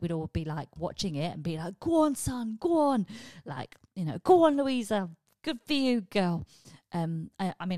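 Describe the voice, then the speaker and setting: A woman hosting a comedy podcast, telling a rambling, animated story and swearing freely. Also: fairly low pitch, no room sound. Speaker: podcast host. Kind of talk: comedic monologue.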